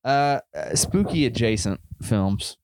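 A man with a country Southern US accent co-hosts a film podcast, speaking in a mid-range, animated, slightly mellow voice at a slow pace. The chat is easy, laid-back and rambling, peppered with "bro" and "man," and the recording is dry with clean studio sound.

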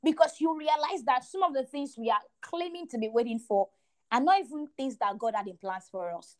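A young woman with a high, bright voice tells a personal faith story on a podcast. She is animated and emphatic and leans on repetition to drive her points home. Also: a little fast. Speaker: podcast co-host. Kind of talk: faith testimony chat.

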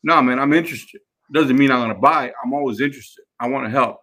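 This man, a podcast host and sales trainer, talks fast in a mid-range, somewhat bright voice during an instructional talk. He's emphatic, repeats himself, and calls the listeners guys.

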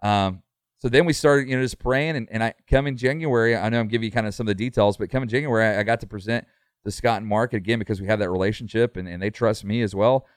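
A man's voice: lowish voice, fast, clean tone, no echo, clean studio sound. A middle-aged man, a pastor, talking earnestly in a casual podcast conversation, full of fillers and restarts.

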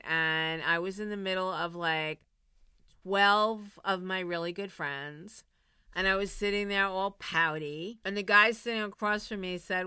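Blunt, animated woman telling her story. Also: medium pitch, clear, resonant tone, no echo. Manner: blunt, animated, swings into loud exclaims and laughs. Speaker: recovery program host. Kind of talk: candid storytelling monologue.

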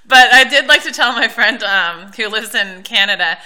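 A woman co-hosts a laid-back podcast chat. Her voice sits a bit high and is very bright and forceful. She swoops through her pitch and slips into other people's voices as she tells her stories. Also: normal speed. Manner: lively storyteller who acts out others' lines and laughs often. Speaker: podcast co-host. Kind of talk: casual chat.

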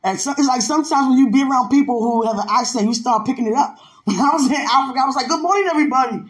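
High-pitched dc guy on a stream, laughy, animated, drops into little voices. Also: racing. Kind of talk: casual storytelling chat.

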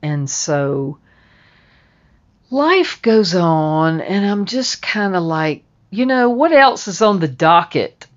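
A woman telling a personal story in a casual, drawling way, dropping to a hush at tense moments. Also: on the low side, sing-song, takes it slowly, dull audio. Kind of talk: casual spoken anecdote.

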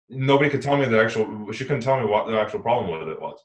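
A man's voice: mid-range voice, expressive, fast, few pauses. A man co-hosting a casual podcast conversation, talking in an earnest, rambling way and often correcting himself mid-sentence. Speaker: podcast co-host. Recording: roomy echoey room.

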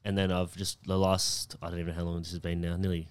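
A man's voice: low voice, flat delivery, quick pace, clean tone, dry recording. A man co-hosting a podcast, telling rowdy stories with lots of swearing and laughter in casual chat. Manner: laughing storyteller, swears a lot. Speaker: podcast co-host.

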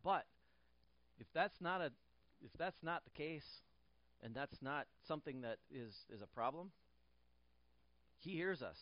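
A man's voice: a little high, expressive, measured pace, long pauses, no room sound, muffled recording. A male pastor preaching a sermon in church, repeating key phrases and restarting lines, with light jokes for the congregation.

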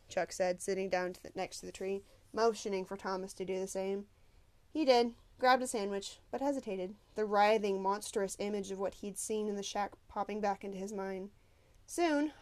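A woman narrates a novel aloud. Her voice is mid-pitched, and her delivery is steady and measured. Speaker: audiobook narrator. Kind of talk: scripted narration.

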